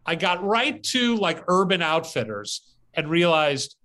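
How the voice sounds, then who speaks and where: A man hosts a podcast from outdoors and tells a story in a lively, animated way. His voice sits a little high and sounds bright and forceful. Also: measured pace. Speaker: podcast host. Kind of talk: casual storytelling. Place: outdoors as rain starts.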